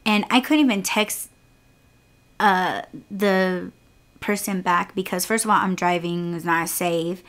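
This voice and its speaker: A woman's voice: lowish voice, steady tone, a little slow, a bit bright. Exasperated young woman telling a story. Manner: exasperated, candid, swears freely, acts out quotes. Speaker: podcast host and rideshare driver. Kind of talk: casual storytelling monologue.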